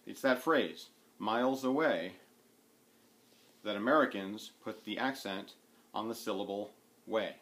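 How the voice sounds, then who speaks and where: A man's voice: fairly low pitch, moderate pace, fairly bright tone. A man vlogging casually about his needlework and other hobbies from home, rambling with plenty of fillers and restarts. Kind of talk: casual rambling chat to camera. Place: at home, sitting indoors.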